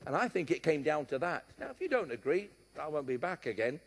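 A long reverb from a large hall follows a middle-aged preacher with a West London accent, who was born in Scotland and partly raised in London. His high, animated voice ranges widely in pitch and moves fairly quickly with hardly any pauses, pressing points emphatically between joking asides.

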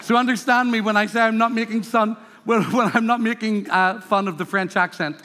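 A man's voice: sits high, steady tone, fairly quick, sharp tone. A man with a Northern Irish accent preaching a sermon to a congregation, emphatic and rhythmic, with humorous asides. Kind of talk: sermon with storytelling. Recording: reverberant hall.

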